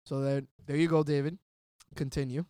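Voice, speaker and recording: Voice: mid-range voice, little pitch movement, normal speed, dark tone, clear, resonant tone, dry recording, studio quality. A host in casual chat, teasing a guest and laughing while setting up the next story.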